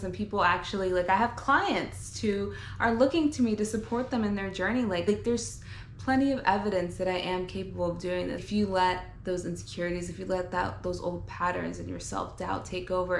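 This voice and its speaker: A woman's voice: on the low side, gravelly, reverberant, slight background noise. A young woman, a fitness vlogger and coach, talking candidly and earnestly about her journey in a casual, reflective way. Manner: candid, earnest, casual with frequent fillers and some swearing. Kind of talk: reflective personal vlog talk.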